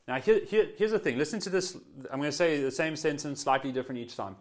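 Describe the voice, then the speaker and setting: A man preaching a sermon as pastor, earnest and conversational, often restarting phrases and swinging between loud and hushed emphasis. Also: fairly high pitch, animated, quick pace, hardly any pauses. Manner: voice swells then drops to quiet emphasis.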